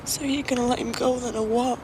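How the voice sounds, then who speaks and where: Actress playing a grieving young sister. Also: female voice, fairly high pitch, fairly even intonation, noisy background, close to an everyday voice. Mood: upset. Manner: halting, upset and self-reproaching. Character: grieving young woman, sister of a murdered boy. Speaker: witness. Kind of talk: TV police drama acting.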